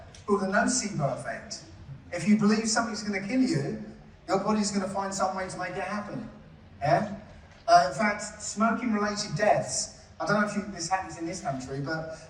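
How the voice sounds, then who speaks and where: A man's voice: sits high, slight background noise. A man giving a live conference talk, chatty and often checking in with the audience with "yeah?" and "right?". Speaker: conference presenter. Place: conference hall. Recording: echoey hall from far off.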